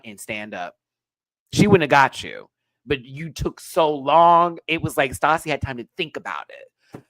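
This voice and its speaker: A man hosting a live review show, ranting bluntly and with swearing, his voice swinging from quiet mutters to loud high outbursts. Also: dry recording, rough recording. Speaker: drag race reviewer and channel host.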